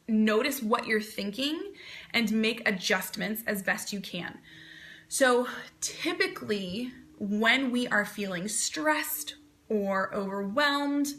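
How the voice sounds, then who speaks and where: A woman in her thirties, a performance coach, giving calm, encouraging advice on a live video talk. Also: medium pitch.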